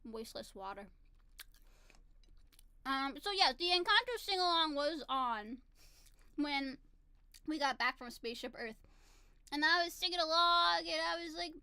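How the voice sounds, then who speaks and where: Woman, 30s, high pitch, bright tone, bubbly and giggly, casual vlog chat. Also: a little slow, long pauses, no room sound, clean studio sound. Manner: bubbly, giggly, gushing storytelling. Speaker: vlogger.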